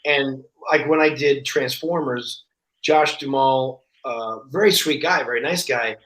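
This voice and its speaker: A man talking as a podcast guest in casual chat, telling stories in an animated way and acting out the voices of the people in them. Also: mid-range voice, a little slow. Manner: animated storyteller, acts out quoted voices. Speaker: guest actor. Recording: roomy echo.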